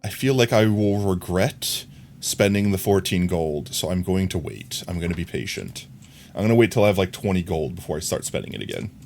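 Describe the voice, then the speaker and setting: A man with a notably low voice talks through his gameplay in a relaxed, meandering way, thinking aloud to his viewers. A faint background hiss sits under the desk-mic sound. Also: brisk, vocal fry. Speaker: streamer. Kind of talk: casual gameplay chat.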